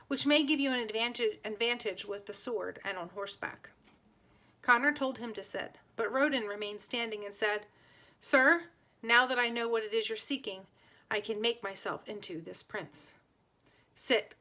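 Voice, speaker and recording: A woman's voice: a little high, bright, forceful tone. A woman reading a novel aloud, giving plain voices to the characters and now and then restarting a word. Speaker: audiobook reader.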